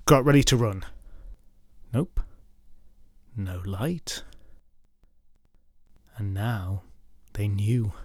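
A man narrating a folklore podcast story, mixing dramatic retelling with wry, deadpan comic asides. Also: fairly low pitch, no echo, clean studio sound.

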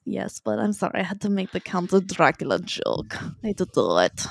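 Young adult woman, podcast co-host, animated storyteller with lively range and gravelly fry, dry recording. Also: dry recording. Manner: animated storyteller, quick pitch jumps. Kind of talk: casual chat.

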